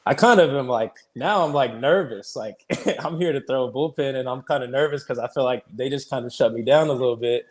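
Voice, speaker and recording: A man in his thirties, a pitcher guest on an interview show, telling his story casually, peppered with "like" and easy laughs. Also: brisk. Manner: chatty, fills speech with "like", retells conversations; laughs easily while telling stories.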